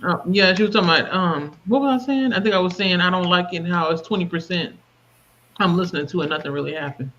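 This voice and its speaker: Man, high voice, animated book chat, muffled stream sound. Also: quick pace, a little hiss or hum. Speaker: book club livestream participant. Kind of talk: casual chat.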